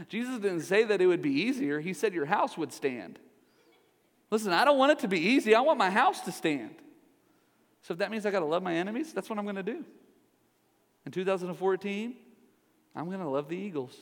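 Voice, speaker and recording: A man's voice: sits high, expressive, a little fast, long pauses. A middle-aged man preaching a sermon in a church, joking with the congregation in a conversational way. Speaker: pastor. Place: large church hall. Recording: reverberant church hall.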